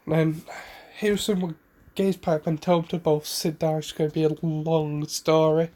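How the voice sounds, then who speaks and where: A man's voice: on the high side, little pitch movement, normal speed, noisy background. A man casually retelling a fan story, rambling with fillers, self-corrections and the odd cough.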